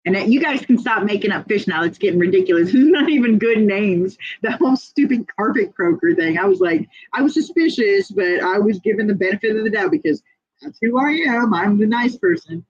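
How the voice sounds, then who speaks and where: A woman's voice: medium pitch, expressive, brisk, no room sound, dull audio. A woman hosting a casual livestream, chatting, laughing often and reading viewer comments aloud. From United States. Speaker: livestream host.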